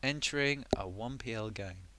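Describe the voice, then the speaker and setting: A man's voice: lowish voice, normal speed, bright, forceful tone. A man streaming a video game live, rambling and self-mocking in casual commentary. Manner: rambling, self-mocking, bursts into silly voices. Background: game music.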